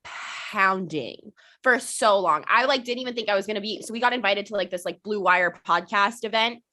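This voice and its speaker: A woman's voice: mid-range voice, normal speed, sharp tone. A young woman co-hosting a podcast in casual chat, talkative, cursing often and laughing a lot. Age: young adult. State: hiccups. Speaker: podcast co-host.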